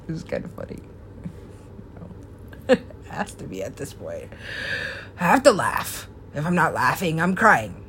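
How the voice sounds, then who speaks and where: A woman's voice: fairly high pitch, fairly bright tone, slight background noise. A woman talking in a rambling monologue, laughing often and dropping to whispers now and then.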